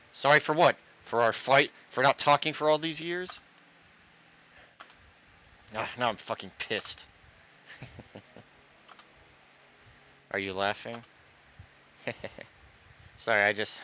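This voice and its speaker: A man's voice: fairly low pitch, sharp tone, a little hiss or hum. A man reading visual novel dialogue aloud, voicing every character himself and acting out the stammers. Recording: dull lo-fi recording.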